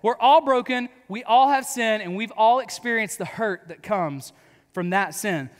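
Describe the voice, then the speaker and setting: A man's voice: high voice, a little slow. A man in his thirties preaching to students, telling funny stories about himself in a casual, joking manner. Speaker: youth pastor. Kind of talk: youth sermon. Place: large hall with audience. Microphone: clip-on mic. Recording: long hall reverb.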